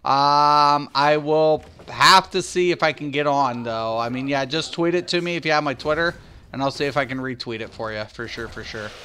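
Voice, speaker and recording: A man chats loosely with his stream viewers, trailing into tangents and piling up restarts. His voice sits a bit high and comes across bright and forceful. A faint noise hangs under the recording. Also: moderate pace. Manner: rambling, excitable, talks back to chat. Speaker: game streamer. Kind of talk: casual live-stream chat.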